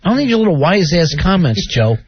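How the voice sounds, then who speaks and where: A man co-hosting a comedic talk radio show, ranting sarcastically and loudly. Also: high voice, very animated, fast, breathy edge, dry recording. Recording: dull lo-fi radio recording.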